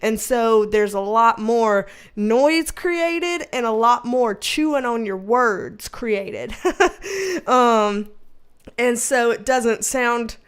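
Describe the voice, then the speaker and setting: A woman's voice: on the high side, takes it slowly, smooth. A woman with a Southern American accent, hosting a casual livestream, reading viewer comments and laughing often. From Southern United States. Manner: laughs often, chatty and slangy. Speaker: livestream host.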